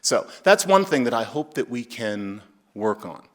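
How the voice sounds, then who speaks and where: A middle-aged man from the United States lectures to an audience in an emphatic, wry manner. His pitch sits in an ordinary middle range for a man, and he jumps into quoted phrases with lively, playful emphasis. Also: unhurried. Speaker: speaker. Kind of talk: public lecture. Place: lecture stage.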